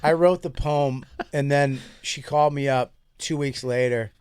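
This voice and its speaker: A man's voice: mid-range voice, fairly even intonation, a little slow, darkish tone, clear, resonant tone, no room sound, studio quality. Profane man telling stories. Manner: profane, laughing storyteller. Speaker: podcast co-host. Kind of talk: casual chat.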